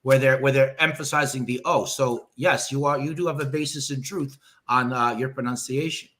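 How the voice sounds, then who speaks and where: American male attorney guest, earnest and deliberate, bright clear tone. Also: medium pitch, steady tone, slight background noise. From United States. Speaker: attorney and justice advocate guest. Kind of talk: interview answers.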